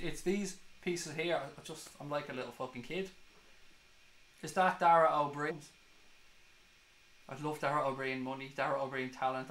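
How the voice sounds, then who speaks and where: A man's voice: on the high side, fairly bright tone, roomy sound, low-quality recording. A man hosting a football fan live stream, chatting casually and swearing as he reads viewer comments. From Ireland.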